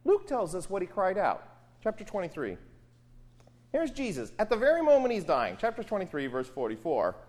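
Lively, expressive woman preaching. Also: mid-range voice, normal speed. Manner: expressive, with rhetorical questions and emphatic asides. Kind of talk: sermon on a gospel passage.

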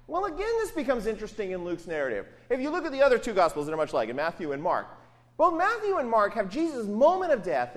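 Lively, expressive woman preaching. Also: medium pitch. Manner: expressive, with rhetorical questions and emphatic asides. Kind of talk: sermon on a gospel passage.

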